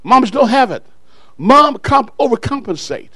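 A male pastor preaches with fiery animation, his very high voice leaping between shouts and low murmurs. He talks slowly and deliberately, breaking into chuckles, and the sound is dry and close to the mic. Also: very animated, no echo, rough recording. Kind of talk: sermon.

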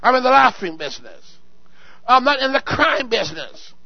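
A male pastor delivers a sermon in a high, lifted voice, dropping low for asides, then shouting calls to the congregation and hammering on repeated words. The sound is dry and close, with a slightly dull, muffled tone. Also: sing-song, moderate pace, no room sound. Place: church sanctuary.

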